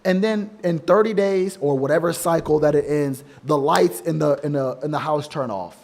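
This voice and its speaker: A man lecturing other men on relationships in a slightly high voice. He talks in casual slang and hammers points home by repeating them. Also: normal speed, vocal fry, a little mellow. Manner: emphatic, preachy, repeats for stress; casual slang, addresses listener as bro. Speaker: men's dating coach. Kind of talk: monologue advice to men.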